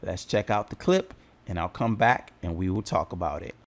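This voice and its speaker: Lively-voiced man hosting a commentary. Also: deep voice, moderate pace. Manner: conversational, bemused. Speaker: host. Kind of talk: casual commentary.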